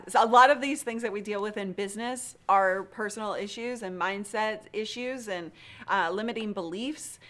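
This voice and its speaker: A woman hosting a live video chat, talking in an earnest, encouraging way with frequent laughs. Her voice sits at a middle pitch. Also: a bit bright. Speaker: live-stream host. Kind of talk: casual live-stream chat.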